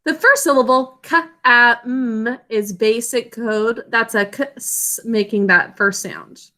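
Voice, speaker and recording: A woman's voice: fairly high pitch, slow pace, pushed and bright. A woman teacher giving a spelling lesson to children over a video call, patiently sounding out words and syllables.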